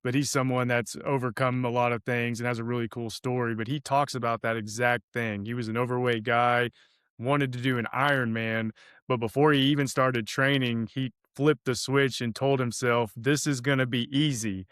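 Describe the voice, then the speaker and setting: Male host, casual and keen, smooth clear voice, dry close mic. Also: mid-range voice, little pitch movement, moderate pace, a bit bright, dry recording. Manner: enthusiastic, casual, rambling with restarts. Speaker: podcast host. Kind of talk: conversational interview.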